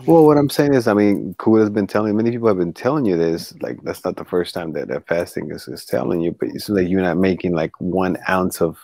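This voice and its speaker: A man with a very deep, gravelly voice talks bluntly in a casual voice chat, full of fillers and restarts. The sound is dry and close, with no room around it. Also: a little fast, hardly any pauses, a little mellow, no room sound. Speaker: group member.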